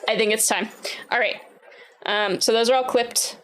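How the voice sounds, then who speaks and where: A woman in her thirties chatting casually on a live stream as she works, often turning to coo at her dogs in a higher, sing-song voice. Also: steady tone, normal speed, heavy background noise. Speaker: livestreamer building a keyboard.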